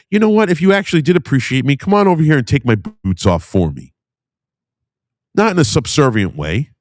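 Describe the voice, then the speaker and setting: A man's voice: mid-range voice, no echo, studio quality. A man ranting heatedly in a debate, combative and full of profanity.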